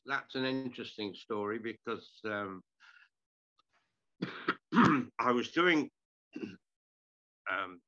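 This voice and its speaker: Here's an older man with a lowish voice that sounds pushed and bright, though the recording cuts off the highs. As an interview guest and former sports broadcaster, he wanders through career anecdotes at his own expense, often starting over and clearing his throat.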